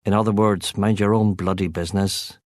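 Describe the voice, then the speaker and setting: A man's voice: fairly low pitch, fairly even intonation, a little fast, darkish tone, dry recording. A man narrating a first-person crime novel as an audiobook, with a wry, sardonic delivery on a close studio mic.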